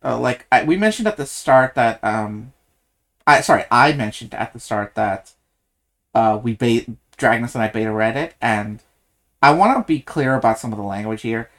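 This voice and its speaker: Halting podcast co-host, full of restarts. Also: mid-range voice, lively intonation, a bit bright. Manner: halting, many restarts and self-corrections. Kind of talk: casual book discussion.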